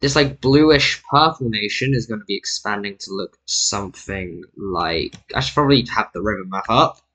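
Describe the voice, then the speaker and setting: A lowish male voice at a moderate pace, sharp in tone, comes through a rough recording. He's British, casually narrating his map-drawing video over the screen capture, rambling, self-correcting and joking as he goes.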